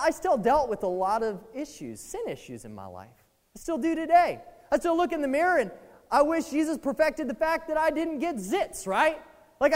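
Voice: sits high, in a large hall. A preacher giving a sermon in a casual, conversational way, often asking the listeners "right?" and acting out the inner voices of the people being quoted.

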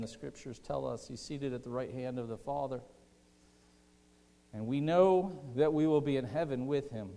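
A man preaching a sermon as pastor, impassioned, swinging between loud outbursts and hushed, tender lines. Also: mid-range voice. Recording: reverberant hall.

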